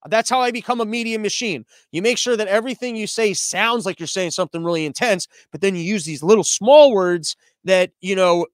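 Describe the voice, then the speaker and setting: A man's voice: sits high, clear, resonant tone, no echo, studio quality. A man hosting a satirical news podcast, talking in a sarcastic, rambling, mock-serious way. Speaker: podcast host.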